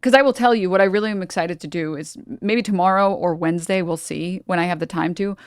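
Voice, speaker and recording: A woman's voice: on the low side, quick pace, no room sound. Blunt woman streamer, dry close sound. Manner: blunt, swears freely, talks straight to chat. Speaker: streamer reacting to a video. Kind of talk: casual live-stream commentary.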